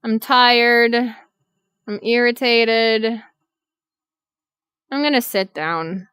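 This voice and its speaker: Brief: exasperated young woman streamer, clear high voice, swears a lot while venting. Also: very slow, a bit bright, no room sound, studio quality. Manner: exasperated, profane ranting. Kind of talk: venting live-stream chat.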